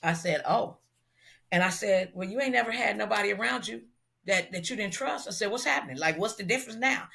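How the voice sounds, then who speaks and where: A woman's voice: medium pitch, brisk, creaky. A middle-aged woman from Los Angeles, a hairstylist guest telling a story in an interview and acting out the dialogue as she goes. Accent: Southern California African American Vernacular. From Los Angeles, USA. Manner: animated storyteller who acts out quoted dialogue.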